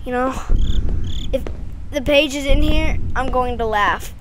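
A high-pitched woman gives jumpy horror game commentary, switching between nervous whispers and loud taunts aimed at the monster. She speaks at a slow, drawn-out pace. A clear hiss of background noise runs under the recording. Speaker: gaming channel host.

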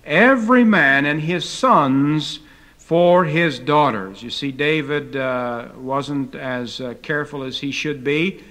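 A man's voice: fairly high pitch, slow pace, fairly bright tone. An older man teaching a taped Bible lecture, telling stories in a folksy way with frequent hesitant fillers.

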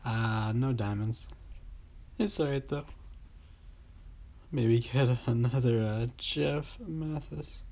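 A man's voice: mid-range voice, takes it slowly, long pauses. A man hosting a mobile baseball game channel, casually commenting as he opens card packs. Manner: relaxed, talking to himself while opening packs. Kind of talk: casual pack-opening commentary.

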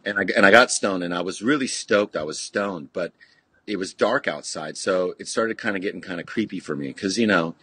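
This guest is a middle-aged punk musician from California, spinning casual stories in a podcast studio with a fairly low, husky voice that comes across a little fast, bright and forceful. Loose and rambling, he curses casually, keeps restarting and scatters "you know"s throughout, and the recording is dry and close.

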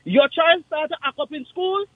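High-voiced Kittitian man ranting by phone. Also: normal speed, no echo. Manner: impassioned, forceful, repetitive. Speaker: caller. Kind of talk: call-in radio rant. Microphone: phone line. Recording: tinny dry phone line.

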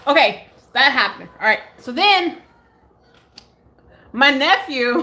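An American woman vlogging live from her home on a phone camera, telling a story in a casual, animated way, swearing freely and acting out what others said. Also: fairly high pitch, moderate pace, long pauses. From United States. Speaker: beauty vlogger.

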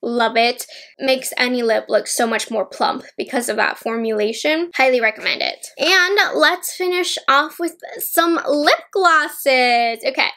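A woman's voice: sits high, measured pace, sharp tone. A young woman chatting casually to her viewers as a beauty vlogger, enthusiastic and direct. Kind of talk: casual product review vlog.

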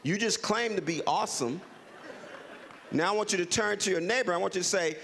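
A man's voice: high voice, a little fast, gravelly, a bit bright, breathy edge. A middle-aged man from Los Angeles, a guest speaker giving an interactive talk to a community audience, leading them in call-and-response and repeating his prompts.

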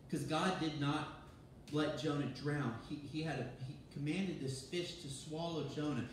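A man, a pastor, giving a sermon in a lively, conversational way, often restarting his sentences. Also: mid-range voice, slight background noise. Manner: animated, conversational preaching with restarts. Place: church sanctuary. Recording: very echoey church from far off.

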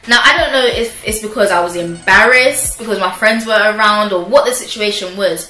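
A young woman with a bright, high-leaning voice tells a casual storytime for her channel. She talks in an animated, chatty way, often breaking into laughs. The room echoes around her, with faint music underneath. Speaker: vlogger. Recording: roomy echo with faint music.

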